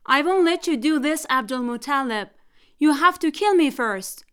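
A woman's voice: high-pitched, animated, moderate pace. An actress playing a desperate, weeping mother in a radio drama, pleading and defiant.

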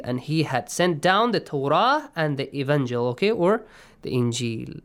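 A man teaching Quran recitation rules. He explains patiently, checks in with his students, and chants verses in a slow, stretched way. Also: on the high side, very animated, clean tone. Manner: patient, checks in often with "okay?" and "yes?". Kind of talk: online class, explaining and reciting.

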